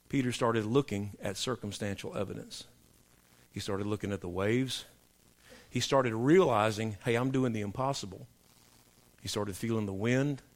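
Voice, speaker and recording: A man preaching a sermon, telling joke stories in a folksy way, then building into loud emphatic preaching. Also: mid-range voice. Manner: folksy storyteller, swings from soft asides to loud emphatic preaching.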